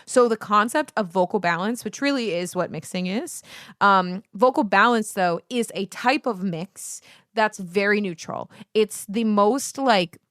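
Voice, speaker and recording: A woman's voice: mid-range voice, unhurried, a bit bright, dry recording, clean studio sound. A woman in her thirties, a singing teacher, talking casually to camera in a rambling, profane, easily sidetracked way with self-mocking asides. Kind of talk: casual vlog monologue.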